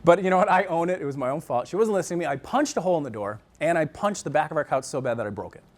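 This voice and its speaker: A male counselor giving a live marriage seminar, talking in an animated, conversational way and often acting out what people say. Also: a little high, rapid-fire. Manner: animated, conversational, playfully acts out quotes.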